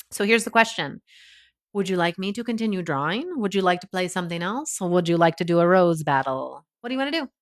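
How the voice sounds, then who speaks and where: A woman's voice: medium pitch, fairly bright tone. Chatty woman hosting a livestream. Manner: chatty, reads out viewer names and comments, laughs often. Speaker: livestream host. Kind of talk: casual livestream chat with viewers.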